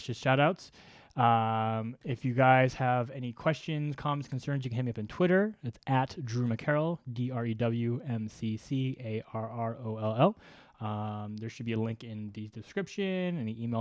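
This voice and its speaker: A man's voice: mid-range voice, normal speed, dry recording, studio quality. A young man hosting a casual interview, chatty and rambling with lots of fillers. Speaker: host.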